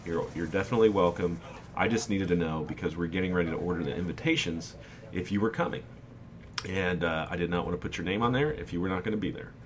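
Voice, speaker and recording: A man in his twenties casually telling a personal story over gameplay, candid and animated, often quoting what people said. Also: sits low, quick pace, crowd noise. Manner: candid, animated retelling with quoted dialogue. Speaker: gaming YouTuber.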